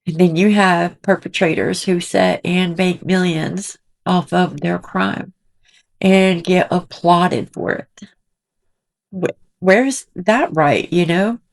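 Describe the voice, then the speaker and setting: A woman in middle age talks to her commentary channel from a cramped room at home. Her voice is gravelly and sits a little low, and she speaks at a slow, dragging pace. She sounds indignant and emotional, rambling as she goes.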